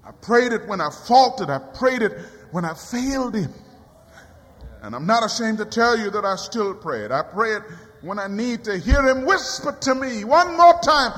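A man preaching a sermon in a church, swinging from quiet low passages to high cries. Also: lively intonation, normal speed. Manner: dramatic rising cries and quiet drops. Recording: long hall reverb.

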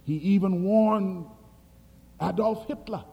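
A man preaching a sermon dramatically, swinging between loud emphasis and quiet asides, recorded in a reverberant hall. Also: high voice, slow, vocal fry, breathy edge, highs cut off. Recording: long hall reverb, from a distance.

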